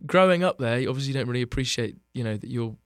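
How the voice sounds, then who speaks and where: A chatty man, telling stories about himself in a self-deprecating way. He often restarts his sentences. His voice sits at an ordinary pitch and the recording is close and dry. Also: animated, quick pace, no room sound. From England, Bath. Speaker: actor guest. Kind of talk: casual interview chat.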